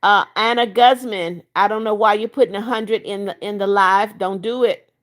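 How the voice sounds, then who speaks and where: A woman's voice: medium pitch, fairly even intonation, moderate pace, a bit bright. A woman of seventy-one hosting a livestream, reading out viewers' chat comments and answering each by name in a chatty way. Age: 70s. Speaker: livestream host.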